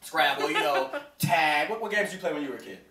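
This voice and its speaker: A man in his thirties doing an animated stand-up comedy set, telling a story and acting out the other people's voices. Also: fairly high pitch, fast. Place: comedy club stage. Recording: roomy club sound from far off with crowd laughter. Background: audience laughing.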